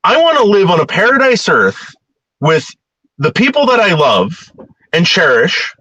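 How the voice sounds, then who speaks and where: A man's voice: high voice, huge pitch swings, a little slow, pushed and bright, breathy edge, dry recording, lo-fi sound. A man talking casually in a rambling monologue, repeating words and growing heated.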